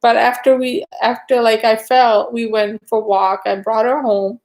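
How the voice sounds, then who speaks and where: A woman's voice: flat delivery, moderate pace, a little mellow. A woman chatting casually on a live stream, telling a rambling story full of fillers. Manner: high cooing baby talk to her dog.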